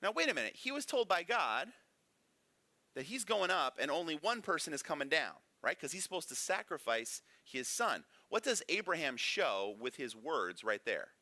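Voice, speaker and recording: A man's voice: on the high side, sing-song, moderate pace, pushed and bright, no echo. A man teaching a casual Bible lesson in a church classroom, conversational and full of rhetorical questions. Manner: conversational, frequent rhetorical "right?".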